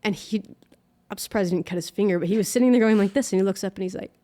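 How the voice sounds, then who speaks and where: A young woman recounting her faith journey in an interview. She speaks earnestly and emotionally, pausing and restarting often with many fillers, at an ordinary middle pitch. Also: warm tone. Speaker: guest musician. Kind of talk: personal faith story in an interview.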